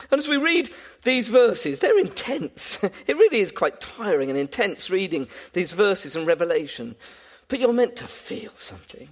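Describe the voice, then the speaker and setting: A man's voice: extremely high pitch, husky. A man preaching a sermon, earnest and often repeating words as he builds a point. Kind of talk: sermon with prayer and storytelling.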